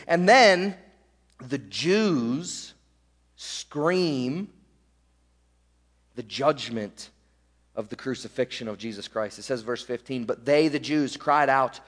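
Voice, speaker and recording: A man's voice: a little high, lively intonation, measured pace, a bit bright, long reverb tail. A man preaching an expository sermon, emphatic and full of rhetorical "right?" asides. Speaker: pastor.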